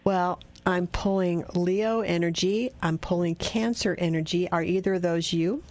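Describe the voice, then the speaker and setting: A woman's voice: fairly low pitch, a little slow, darkish tone. A woman giving tarot readings to callers on a radio show, chatty and reassuring. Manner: chatty, reassuring, spiritual advice.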